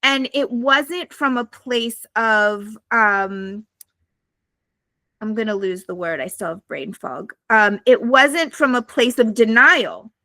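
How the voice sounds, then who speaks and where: Woman podcast guest, blunt and profane, bright forceful voice, dry close sound. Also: fairly high pitch, slow, no echo. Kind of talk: candid storytelling to a live audience. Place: live podcast recording.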